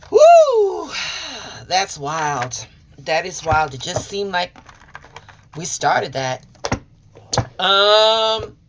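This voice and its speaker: Woman, tarot reader host, from Chicago, low voice, unhurried, folksy, says y'all. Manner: folksy and chatty, calls listeners y'all and honey; warm and sincere toward viewers. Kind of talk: casual direct-to-camera chat.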